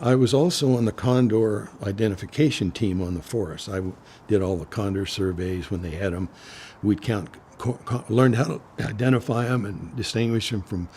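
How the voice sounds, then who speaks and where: An older man from Oklahoma, a retired forest supervisor, tells stories in an oral history interview, rambling with restarts and clearing his throat. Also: fairly low pitch, dark tone, slight background noise.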